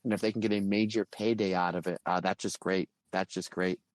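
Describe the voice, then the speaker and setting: A man's voice: low voice, little pitch movement, a little fast, no room sound. A man co-hosting a podcast in an easygoing, conversational chat. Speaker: podcast co-host, former wrestler.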